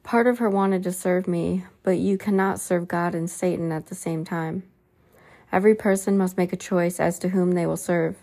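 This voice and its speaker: A woman reading as a gentle, solemn Jesus. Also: on the low side, steady tone, gravelly. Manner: slow, soft and solemn. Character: gentle solemn Jesus, a grave loving man.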